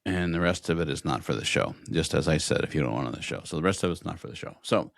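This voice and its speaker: A man co-hosting a casual podcast, reading listener messages aloud with plenty of ums and pauses. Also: rumbling low, lively intonation, creaky, no room sound, clean studio sound. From United States. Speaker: podcast co-host.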